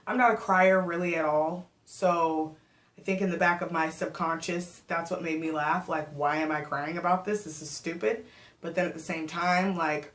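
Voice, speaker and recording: Chatty pregnant woman, slightly low, echoey room. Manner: chatty, animated storytelling with many fillers. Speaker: vlogger. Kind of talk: casual storytelling to camera.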